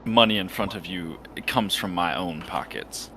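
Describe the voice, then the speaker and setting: A man's voice: low-pitched, moderate pace, noisy background. A man voicing a young male gadget inventor who is earnest and bewildered, speaking in an eager, rambling way. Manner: eager, rambling in-character speech.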